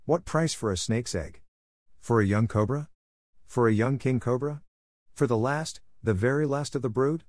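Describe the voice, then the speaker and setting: A man's voice: medium pitch, moderate pace, a little mellow, no echo, studio quality, pitched above the performer's own voice, close to an everyday voice. A man playing a bold, defiant young mongoose. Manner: eager, defiant and triumphant. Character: brave young male mongoose, bold and fierce.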